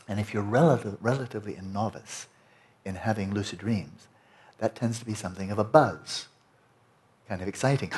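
A man teaching a meditation retreat in a relaxed, conversational way, often checking in with his listeners. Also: fairly low pitch. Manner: conversational, frequent "you know" and "right?".

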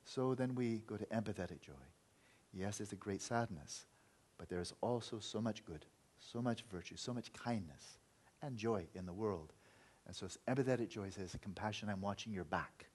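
A man's voice: on the low side, moderate pace, darkish tone, slightly rough. A man teaching meditation in an earnest, reflective Buddhist talk, sometimes acting out inner voices.

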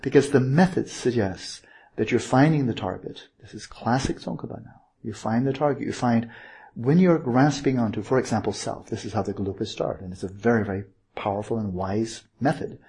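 A man with a deeply husky, breathy voice delivers a meditation teaching at a mid-range pitch. He wanders and corrects himself mid-sentence, then drives points home with rhetorical questions. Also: brisk, dark tone. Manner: digressive, self-correcting, asks rhetorical questions. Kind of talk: informal Buddhist teaching talk.

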